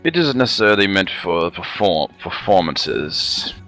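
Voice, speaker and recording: A man's voice: low-pitched, big pitch swings, a little slow, fairly bright tone, faint music behind. A man playing a scribe's apprentice in a tabletop game, stumbling and repeating words. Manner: stammering, repeats words while voicing a scribe. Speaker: player. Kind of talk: tabletop role-play.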